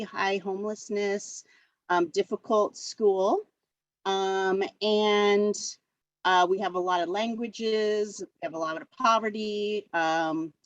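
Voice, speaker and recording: A woman's voice: medium pitch, fairly bright tone, no room sound, lo-fi sound. A woman who teaches middle school art, presenting a virtual workshop in a chatty way with many fillers. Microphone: video call.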